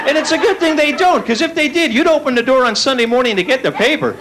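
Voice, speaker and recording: A man's voice: very high voice, lively intonation, fast talker. A man performing a stand-up comedy set on a club stage, playfully acting out the voices of his characters. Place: comedy club stage before a laughing audience. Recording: live club recording with crowd noise.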